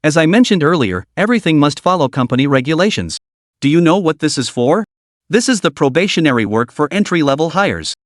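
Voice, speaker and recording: A man's voice: on the high side, very animated, brisk, dry recording, clean studio sound. A man voicing a cold, stern young woman executive with a curt, commanding manner, read in a recap.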